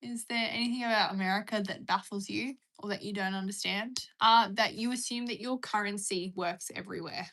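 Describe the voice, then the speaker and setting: A woman's voice: medium pitch, steady tone, a little fast, few pauses, a bit bright. Australian woman, live streamer, casual chat, reads out viewer questions, rambly and conversational. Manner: chatty, reads viewer questions aloud and rambles through answers.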